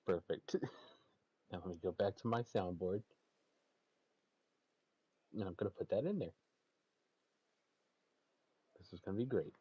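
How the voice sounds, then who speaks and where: A man's voice: low voice, a little slow, pauses often, warm tone, slightly rough, dull audio. A man streaming in casual chat, narrating what he is doing and laughing often between remarks.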